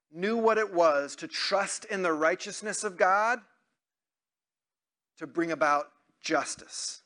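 A man with a high, bright, ringing voice preaches to his church. He talks in a casual, conversational way, puts questions to the listeners, and lifts his voice when he acts out a quoted prayer. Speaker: pastor. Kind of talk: sermon.

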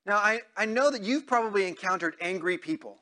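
Male pastor, high and bright, conversational sermon with questions and acted-out prayers. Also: animated, brisk.

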